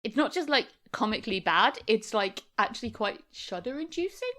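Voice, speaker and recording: A woman co-hosting a film podcast in casual chat, quick to laugh and often restarting her sentences. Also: a little high, animated, a bit bright. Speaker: podcast co-host.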